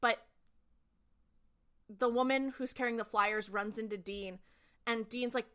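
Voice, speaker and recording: A young woman co-hosting a podcast, retelling a TV episode in a quick, lively way and acting out the characters' lines. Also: fairly high pitch, clear, resonant tone. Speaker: podcast co-host. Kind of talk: casual recap chat.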